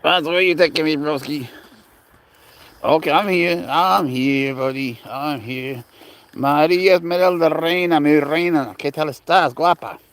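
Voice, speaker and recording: A man's voice: on the high side, unhurried, a bit bright. A man rambling casually on a live stream from an outdoor park, greeting viewers and talking to his cat through a handheld phone. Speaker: livestream host.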